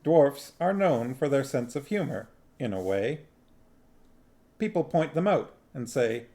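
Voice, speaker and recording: A man reading a novel aloud on a stream, narrating in a slow, deliberate way. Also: mid-range voice, lively intonation, dark tone. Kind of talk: audiobook-style narration.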